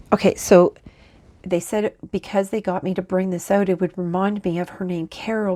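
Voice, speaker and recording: A Canadian woman with a slightly low, dark voice narrates a spiritual channeling session. She speaks haltingly and rambles, restarting often and repeatedly pausing to reply to spirits no one else can see.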